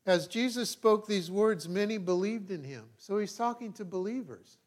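Man preaching, pastor, fairly high voice, animated, shifts from loud scripture reading to quiet asides. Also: normal speed. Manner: reads scripture aloud with emphasis, then comments conversationally. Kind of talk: sermon.

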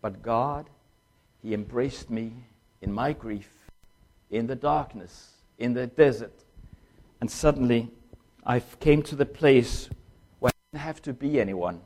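An older man, a former pastor and missionary, giving a personal testimony in an emotional, halting way, in short phrases. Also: medium pitch, a little mellow.

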